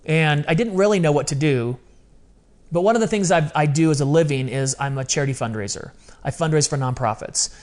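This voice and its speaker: Man, 50s, podcast guest, fairly high voice; expressive, conversational storyteller. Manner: animated, emotional storytelling with quick asides.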